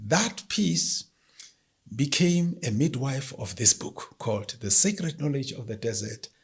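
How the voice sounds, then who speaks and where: Gravelly, animated South African man. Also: mid-range voice, unhurried. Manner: animated, repeats words. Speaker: author and guest. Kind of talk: storytelling in interview.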